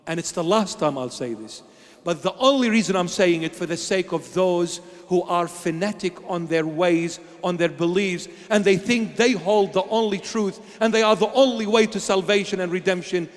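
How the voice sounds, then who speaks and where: A man preaching a sermon at a church altar, impassioned and repetitive, swinging between shouting and hushed tones. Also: sits high. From Syria. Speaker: bishop. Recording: long church reverb.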